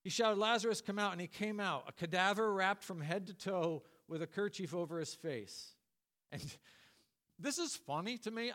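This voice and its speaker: Middle-aged male pastor, high voice, humorous sermon with acted-out character voices. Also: fairly bright tone.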